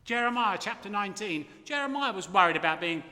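A man's voice: sits high, lively intonation, fast talker, bright, forceful tone. An older man preaching an emphatic, impassioned sermon from the front of a church. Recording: long hall reverb.

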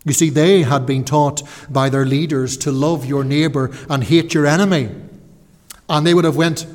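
A man preaching a sermon, earnest and slowing down to stress key words. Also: on the high side, steady tone. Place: church. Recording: church hall reverb.

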